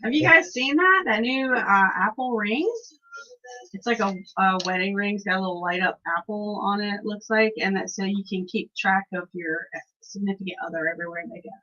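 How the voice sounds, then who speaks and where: A woman co-hosting a radio morning show in casual banter, teasing and quick to laugh, greeting listeners by name. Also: medium pitch, bright, forceful tone. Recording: muffled lo-fi live stream audio.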